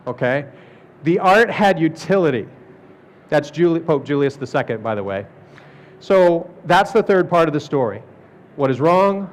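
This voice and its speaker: A middle-aged man giving a lively, joking presentation to artists, acting out quoted people as he goes. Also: a little high, normal speed, long pauses. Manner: animated, jokey, acts out quoted people. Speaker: speaker at an art fair talk. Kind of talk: lecture presentation.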